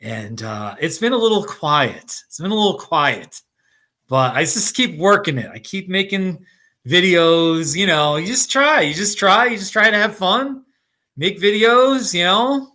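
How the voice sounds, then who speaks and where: A middle-aged American man hosts a relaxed live chat, calling out viewers by name and laughing easily. His voice sits fairly high and very bright. He takes his time, talking at an easy, unhurried pace. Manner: chatty, laughs often, talks to viewers by name. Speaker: livestream host. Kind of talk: casual live chat reading comments. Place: Colorado.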